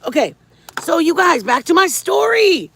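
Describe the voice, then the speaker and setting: A woman's voice: extremely high pitch, big pitch swings, moderate pace, creaky, fairly bright tone, no echo. A middle-aged woman hosting a casual livestream, rambling through a story and greeting viewers by name. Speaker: livestream host.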